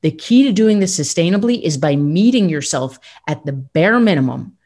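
A woman's voice: low voice, animated, normal speed, a little mellow. A woman hosting a motivational podcast, talking in an upbeat, emphatic coaching tone. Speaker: podcast host.

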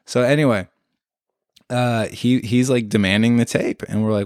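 A man's voice: medium pitch, moderate pace, smooth, dry recording, clean studio sound. A man telling a story in casual chat, swearing freely and acting out what people said. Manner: animated, swears freely, acts out quotes.

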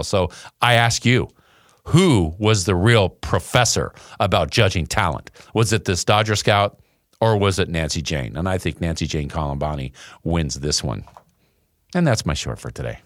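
A man's voice: low-pitched, animated, normal speed, dry recording, studio quality. Folksy older man telling stories. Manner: folksy, emphatic, chuckles. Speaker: podcast host. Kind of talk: storytelling monologue.

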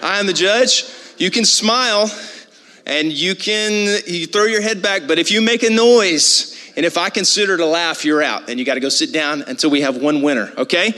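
Man, pastor, excited crowd-hosting, forceful high voice, long hall reverb. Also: moderate pace. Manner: loud, excited, shouting to a crowd. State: out of breath. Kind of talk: energetic stage hosting. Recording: echoey hall with faint music.

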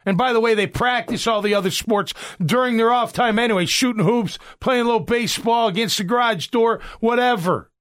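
High-pitched ranting sports talk man. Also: fairly quick, hardly any pauses. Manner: animated, exasperated ranting. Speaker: sports radio host.

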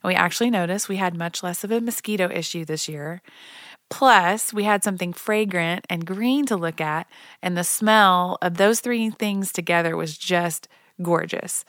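A woman's voice: fairly low pitch, moderate pace, fairly bright tone, no room sound, clean studio sound. A woman from Oklahoma telling a chatty, self-deprecating story in a casual monologue, laughing now and then as she talks.

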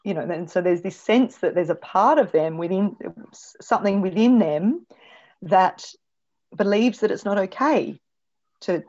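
Thoughtful woman, lowish voice, lo-fi sound. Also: normal speed, darkish tone. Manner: thoughtful, many restarts and fillers. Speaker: parenting specialist guest. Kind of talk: conversational podcast interview. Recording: dull lo-fi recording.

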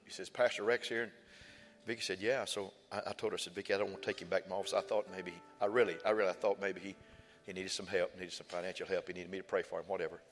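This pastor's delivery is rapid-fire, low-pitched and steady as he shares a personal story from the pulpit with folksy, emphatic repetition. Church hall reverb and faint music fill the sanctuary recording.

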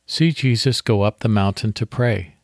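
A man hosting a devotional podcast, reading scripture slowly and leading a guided meditation. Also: lowish voice, dry recording, clean studio sound.

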